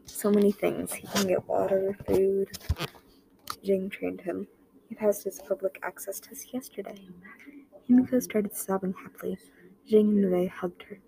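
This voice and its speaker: A woman narrates a homemade short story in a gravelly, mellow voice, slipping into a near-whisper for the softer lines. A faint hiss of background noise sits under the reading. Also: mid-range voice, little pitch movement, moderate pace, poor audio. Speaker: reader of an original short story. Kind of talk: amateur story narration with dialogue.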